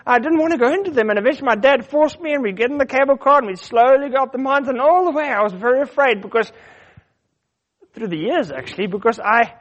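A middle-aged man from Africa, telling personal stories in a casual, animated way, often repeating words as he goes. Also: very high voice. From South Africa. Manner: animated, repeats words, acts out his quotes. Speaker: storyteller. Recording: dull muffled lo-fi recording.

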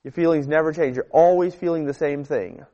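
A man preaching a sermon, emphatic, repeating phrases and letting his sentences fall to quiet, low endings. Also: brisk, muffled recording.

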